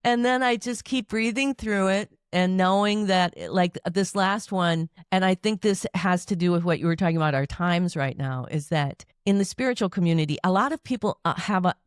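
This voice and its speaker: A woman's voice: lowish voice, normal speed, few pauses, clear, resonant tone, no room sound, studio quality. A woman guest on an interview podcast, a peace activist, speaking in a candid, chatty way and laughing at herself. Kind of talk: conversational interview.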